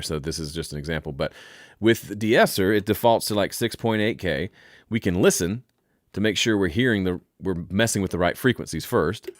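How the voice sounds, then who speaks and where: A man's voice: low-pitched, no room sound. A man hosting a live question-and-answer stream from his home studio, explaining mixing in a playful, joking way. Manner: playful, jokey, explains with asides. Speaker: host.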